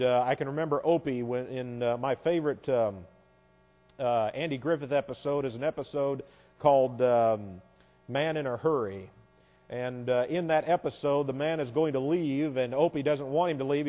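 A man preaching a teaching sermon as a pastor. He talks emphatically and spells words out slowly, letter by letter. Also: on the high side, warm tone. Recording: reverberant hall sound.

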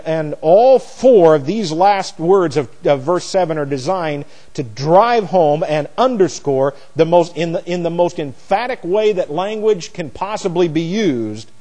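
Preacher guy going verse by verse, kinda high voice, swoops up and down a lot. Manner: animated, swings from soft and low to loud and emphatic; teaching Bible word by word, with restarts. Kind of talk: sermon.

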